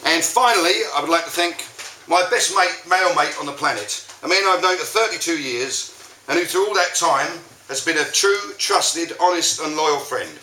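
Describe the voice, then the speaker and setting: A man giving his wedding speech as the groom, telling dry jokes and pausing for laughs. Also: on the high side. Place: wedding reception room. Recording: far-off mic in echoey room with loud noise.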